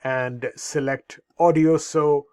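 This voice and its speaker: Slow, filler-heavy male tutorial presenter. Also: fairly high pitch, steady tone, darkish tone, smooth. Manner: unhurried, many fillers, repeats "over here". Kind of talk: screen-recorded software walkthrough.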